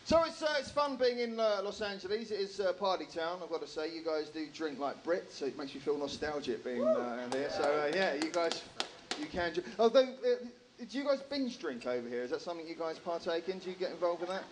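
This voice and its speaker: A man's voice: a little high, background noise. Dry English comedian in his thirties. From England. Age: 30s. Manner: dry, self-deprecating delivery with slow deliberate pacing. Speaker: stand-up comedian. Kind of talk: stand-up comedy set. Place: comedy club stage with a live audience.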